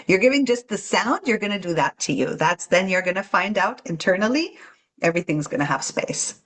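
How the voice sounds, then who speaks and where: A woman talking earnestly about staying calm while traveling, teaching and acting out the anxious voices in your head. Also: medium pitch, quick pace, husky, poor audio. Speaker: guest channeler. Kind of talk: spiritual podcast talk.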